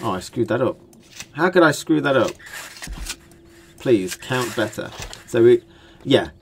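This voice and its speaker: A young British man chats his way through a building game, thinking aloud and joking as he goes. His voice sits at an ordinary middle pitch, with a faint hiss behind it. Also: expressive, unhurried. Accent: British English. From Britain. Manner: rambling, jokey, thinks aloud while building. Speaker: gaming channel host. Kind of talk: casual let's-play commentary.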